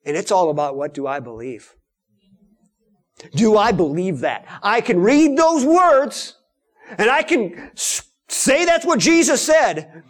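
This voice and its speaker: A man delivers a sermon with a voice that leaps high and drops low. He speaks slowly, leaning into loud emphatic lines and then falling to hushed asides. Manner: animated preaching, swinging from loud to hushed. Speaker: preacher.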